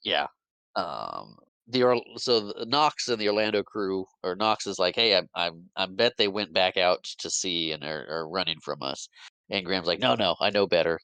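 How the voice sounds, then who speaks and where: A man casually recaps a movie as a podcast co-host at a moderate pace, stumbling through restarts and fillers and briefly voicing the characters he describes. His slightly low voice comes across bright and crisp. It's recorded close and dry, with no echo.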